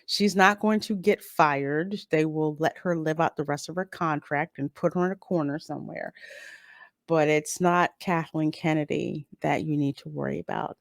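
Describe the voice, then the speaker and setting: A woman with a deep, steady voice and vocal fry speaks at normal speed in a dry, studio-quality recording. She hosts a YouTube live-stream review, reading live chat and giving blunt, opinionated commentary in a casual style, repeating points for emphasis.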